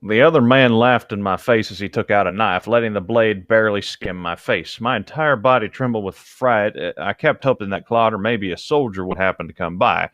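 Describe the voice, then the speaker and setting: A man's voice: lowish voice, fairly quick, few pauses, a bit bright, no room sound, dull audio. A man co-hosting a comedy podcast, reading a fanfiction aloud and breaking off to laugh and comment. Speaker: podcast co-host.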